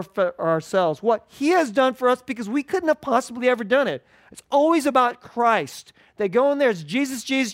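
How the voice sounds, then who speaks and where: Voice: mid-range voice, dry recording. A pastor preaching in a dry room. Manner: informal, repeats key phrases, chuckles often. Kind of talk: conversational sermon. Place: church service.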